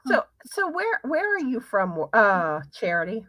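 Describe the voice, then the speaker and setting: A woman's voice: on the high side, wildly swooping pitch, a little slow, pushed and bright, no echo. Chatty woman hosting a live stream. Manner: chatty, rambling, full of fillers. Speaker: host. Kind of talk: casual live-stream chat.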